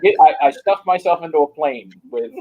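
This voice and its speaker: A man's voice: fairly high pitch, animated, normal speed, highs cut off, a crowd in the background. A man speaking as a panelist and co-director over a video call, in a wry, joking way.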